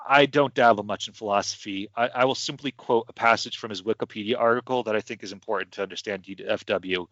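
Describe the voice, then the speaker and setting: A man's voice: fairly low pitch, fast, hardly any pauses, a bit bright, dry recording. A man hosting a podcast in casual chat, rambling and hesitant with many restarts. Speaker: podcast host. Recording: dull lo-fi sound.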